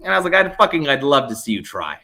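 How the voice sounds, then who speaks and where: A man, a comedian guest on a podcast, telling a story in casual chat, animated and profane, acting out both sides of an exchange. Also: medium pitch, fast talker, vocal fry. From United States.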